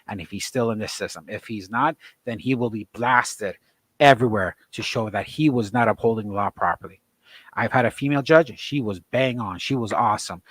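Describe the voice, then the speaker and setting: A man's voice: medium pitch, a bit bright, no room sound. A man speaking as a guest on a talk show, an emotional, indignant and defiant father. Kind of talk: impassioned talk-show testimony.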